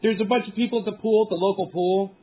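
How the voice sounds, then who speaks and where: Speaking quickly in a high, steady voice, a man chats on a live stream from a mountain, rambling, profane and talking to his viewers. Everything comes through a cell phone with tinny stream quality.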